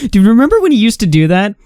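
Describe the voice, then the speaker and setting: A man's voice: high-pitched, a little mellow, dry recording. A man hosting a podcast in casual chat, laid-back and dry. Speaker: podcast host.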